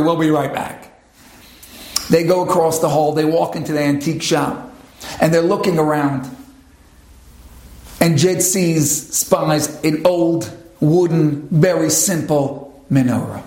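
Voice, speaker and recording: A man tells a dramatic story, acting out the voices of its characters and shifting his pace and pitch for each. He speaks at a measured pace in a slightly mellow voice, in an echoey room with a rough recording.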